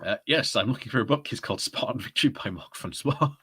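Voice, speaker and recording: A man's voice: medium pitch, expressive, quick pace, bright, forceful tone, husky. Giggly man hosting a live stream. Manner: giggly, chatty, often laughing mid-sentence. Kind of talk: casual live stream commentary.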